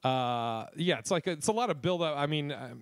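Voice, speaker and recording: A young man hosts a podcast with a fairly high voice, rambling through a story and swearing freely. The sound is dry and close, with no room around it. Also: animated, moderate pace, clear, resonant tone, no echo. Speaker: podcast host. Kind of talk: casual chat.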